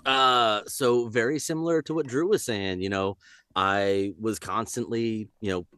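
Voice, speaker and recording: A man's voice: lowish voice, measured pace, clean tone, no room sound, clean studio sound. A man, a voice actor, talking casually on a podcast and breaking into voices. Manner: animated, jumps into voices.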